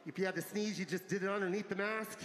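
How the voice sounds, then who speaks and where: A man doing stand-up on a big arena stage, his voice sitting high and cutting through clearly audible crowd noise. He talks brash and profane, barking his punchlines loudly into a handheld mic. The sound is a live arena recording. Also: quick pace, roomy sound, in a large hall. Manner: loud, animated, often shouting punchlines. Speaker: stand-up comedian. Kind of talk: stand-up comedy. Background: audience laughter and crowd ambience.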